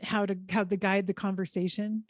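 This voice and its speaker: A woman hosting a podcast interview, speaking in a gentle, empathetic way. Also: mid-range voice, level tone, a little fast, dry recording, clean studio sound. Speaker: podcast host. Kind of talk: interview conversation.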